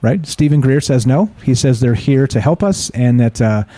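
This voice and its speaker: A man's voice: medium pitch, expressive, normal speed, dark tone, no room sound. Rambling man hosting a call-in show. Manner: rambling, many filler words and restarts. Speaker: radio show host. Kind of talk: casual live call-in talk, reading stories aloud.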